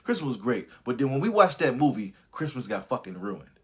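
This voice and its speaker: Young man, casual rant, swears a lot, laughs often, mid-pitched voice. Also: fairly quick, husky. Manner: profane, animated, laughs often. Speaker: host of a live review stream. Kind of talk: ranting casual review.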